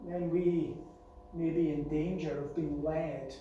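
A man's voice: on the high side, little pitch movement, slow pace, mellow, muffled recording. A man preaching a sermon as pastor, earnest and at times rising to a raised, urgent warning. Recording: distant echoey church hall with faint hum.

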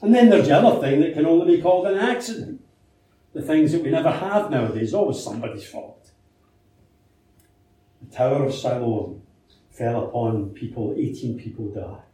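A man's voice: on the high side, moderate pace, pauses often, mellow, slight background noise. A man preaching a sermon in a conversational way, asking rhetorical questions and telling anecdotes, heard in a church. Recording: very echoey church hall from a distance.

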